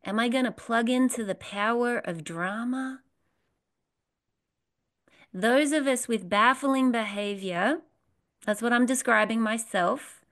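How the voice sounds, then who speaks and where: A woman's voice: a little high, takes it slowly, pauses often, a bit bright. A woman leading a spiritual workshop, talking earnestly to a live audience, repeating phrases and asking them questions. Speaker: workshop leader.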